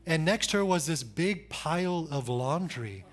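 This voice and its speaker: A pastor in his thirties preaches in church with slow emphasis, repeating phrases and building to urgent calls. His voice is on the high side, with lively intonation.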